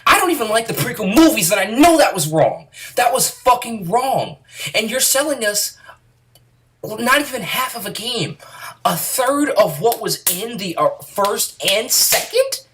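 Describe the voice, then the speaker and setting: A woman's voice: fairly high pitch, sing-song, measured pace, noisy background. A woman YouTuber sitting at home in an angry, profane rant about video games, rambling and restarting her sentences. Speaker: gaming YouTuber.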